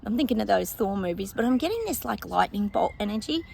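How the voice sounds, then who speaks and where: A woman's voice: mid-range voice, expressive, quick pace, creaky, a little mellow, slight background noise. A woman psychic talking casually to her viewers, rambling and thinking aloud with lots of fillers and frequent laughs. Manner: laughs often. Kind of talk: casual predictions monologue to viewers.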